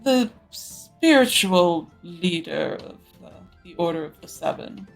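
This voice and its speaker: A woman's voice: on the low side, lively intonation, slow, vocal fry, soft background music. A woman running a tabletop role-playing game as game master, narrating and speaking for the characters.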